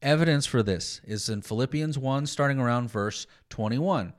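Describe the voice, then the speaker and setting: A man's voice: medium pitch, moderate pace. A man teaching Scripture on a podcast, explaining passages with sarcastic asides.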